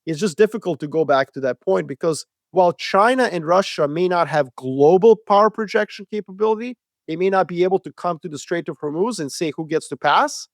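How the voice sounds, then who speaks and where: A man co-hosting a podcast, debating world affairs in an animated, profane, casual way. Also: sits high, fairly quick, hardly any pauses, no room sound, clean studio sound. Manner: animated, profane, acts out quoted voices. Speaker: podcast co-host.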